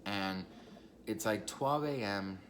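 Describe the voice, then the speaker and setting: A man's voice: lowish voice, takes it slowly, slight background noise. A young man telling a personal story in a casual, chatty vlog, swearing freely and talking straight to his viewers. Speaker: vlogger.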